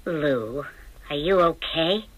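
A woman's voice: deep voice, lively intonation, takes it slowly, breathy edge, muffled recording, heavily acted. An actress playing a worried woman of about forty, the wife of a pickpocket, in a radio drama. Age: 40s. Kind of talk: 1970s radio drama acting.

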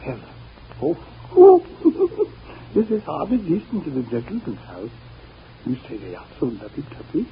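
An actor playing a fussy, pompous gentleman who speaks in flowery, fretting phrases, in 1930s radio drama acting. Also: medium pitch, very animated, a little fast, creaky, slight background noise. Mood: flustered. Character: fussy pompous gentleman, husband fretting over his linens. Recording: dull lo-fi old radio recording.

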